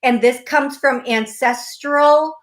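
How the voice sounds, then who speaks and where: Effusive psychic host, high voice. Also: female voice, takes it slowly, noisy background. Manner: effusive, emphatic, repeats phrases. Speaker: psychic medium radio show host. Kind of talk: call-in psychic reading.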